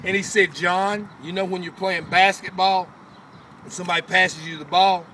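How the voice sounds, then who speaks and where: High-voiced man telling a rowdy story. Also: moderate pace. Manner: animated, profane, laughing often. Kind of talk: casual spoken story. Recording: far from mic, loud street and car noise.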